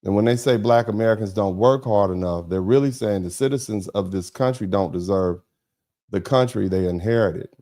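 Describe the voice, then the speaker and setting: Middle-aged male stream host, low mellow voice, emphatic and repetitive, sarcastic. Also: normal speed. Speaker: host of a commentary broadcast. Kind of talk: livestream commentary.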